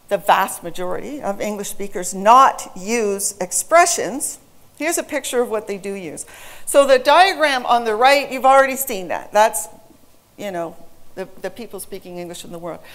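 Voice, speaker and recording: Woman in her 40s doing a talk, kinda high voice, lively, cracks jokes as she goes. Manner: lively storytelling with humorous asides. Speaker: English teacher giving a public talk. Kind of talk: presentation talk to an audience.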